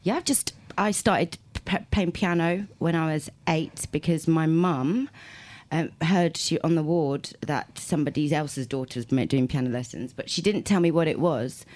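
Low-voiced woman telling stories. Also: normal speed, a little mellow. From South London, England. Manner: rambling storyteller, frequent laughs, self-corrections. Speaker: guest musician. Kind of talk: casual interview chat.

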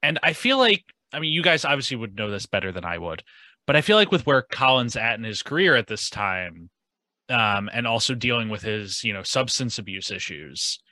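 A male podcast guest with a very bright, sharp voice offers thoughtful takes, hedging with "like" and "kind of." The sound is dry and close-miked. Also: medium pitch, big pitch swings, moderate pace, no room sound, rough recording. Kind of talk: casual podcast discussion.

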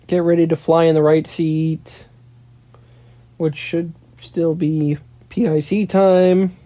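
Young solo podcaster spinning a loose, profane anecdote, with a warm low tone and a dry booth sound. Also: no echo. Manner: rambling, profane, filler "blah, blah, blah". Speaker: podcast host and pilot in training. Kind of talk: casual solo storytelling monologue.

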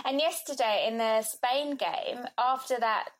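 A woman's voice: on the high side, a little slow. A woman, chatting casually about football and laughing often between thoughts. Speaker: co-host discussing football. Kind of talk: casual chat.

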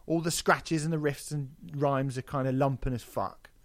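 A man co-hosting a podcast, talking in a casual, animated and mocking way with plenty of swearing. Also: mid-range voice, moderate pace, dry recording. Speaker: podcast co-host.

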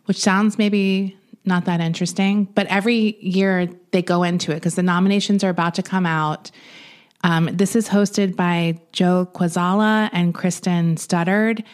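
A woman with a lowish voice chats casually on a podcast. She rambles through her recommendation with plenty of fillers and laughs easily. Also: steady tone, moderate pace, darkish tone. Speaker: podcast co-host. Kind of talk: casual chat.

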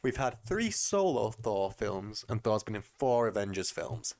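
A man's voice: lowish voice, very animated, a little slow, a little mellow, dry recording. A man co-hosts a casual podcast, tearing into a superhero film with swearing and mocking voices in the quotes. He has had a few drinks and has the hiccups. The sound is dry and close, with no room around it. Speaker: podcast co-host. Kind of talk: casual film commentary chat.

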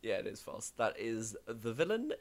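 Animated, swearing podcast co-host. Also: mid-range voice. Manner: playful, swears, drawn-out deadpan punchlines. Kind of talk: casual podcast chat.

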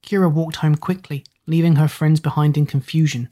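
A reader narrating a children's story in an even, measured way. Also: mid-range voice.

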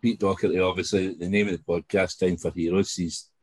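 A man hosting a podcast and asking easy-going questions in a relaxed chat. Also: low-pitched, brisk, slightly rough, no echo. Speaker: podcast host. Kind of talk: casual interview chat.

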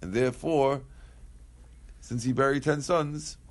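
A man's voice: mid-range voice, steady tone, measured pace. Man teaching Talmud in a casual way. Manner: conversational, questions the text aloud, answers students. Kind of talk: Talmud class, mixing Aramaic and English.

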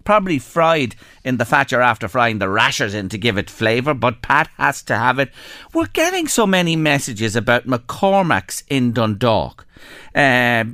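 An Irish man hosting a radio phone-in show, chatting in an animated, curious way as he reads out listener texts. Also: medium pitch, normal speed, no echo, clean studio sound. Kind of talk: lively radio chat, reading listener texts. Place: radio studio.

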